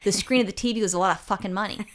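A woman's voice: medium pitch, rapid-fire. A woman co-hosting a casual chat, telling blunt, profane stories with lots of restarts. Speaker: podcast co-host.

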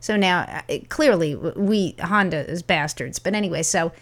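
A woman's voice: fairly low pitch, moderate pace. A woman co-hosting a casual chat, teasing and skeptically questioning her partner.

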